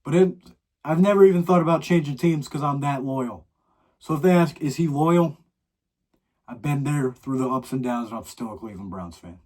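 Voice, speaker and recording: Teenage boy, solo podcast rant, dramatic and exasperated, slightly high voice. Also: normal speed, a little mellow. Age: teens. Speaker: podcast host.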